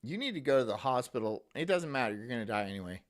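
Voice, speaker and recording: A man with a mid-range voice and lively intonation talks fast. Streaming live, he reacts to clips with casual, profane commentary, laughing often and talking to his partner off mic.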